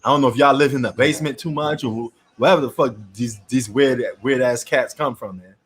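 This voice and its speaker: A man's voice: medium pitch, brisk. A man from New York hosting a casual sports chat, ranting bluntly and opinionatedly in slangy talk.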